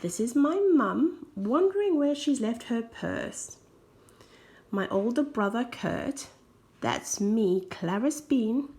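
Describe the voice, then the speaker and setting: A woman reading a children's picture book aloud, expressive, with soft whispered asides. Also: fairly high pitch, takes it slowly. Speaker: storybook reader.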